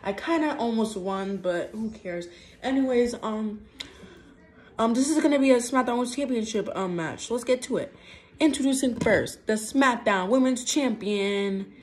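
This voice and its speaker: A woman's voice: lowish voice, darkish tone, a little hiss or hum. A woman casually narrating a pretend wrestling match, rambling with lots of filler words.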